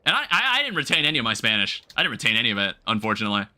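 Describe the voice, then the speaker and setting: A man's voice: medium pitch, wildly swooping pitch, racing, sharp tone. A man livestreaming a game, chatting casually with viewers in a rambling, self-correcting way with the odd light swear. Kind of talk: casual gameplay commentary.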